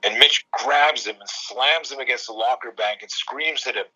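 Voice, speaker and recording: A middle-aged man, a self-defense coach, telling stories in a fast, emphatic way and acting out the dialogue himself. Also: mid-range voice, pushed and bright, slightly rough, dull audio. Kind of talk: animated storytelling in a podcast conversation.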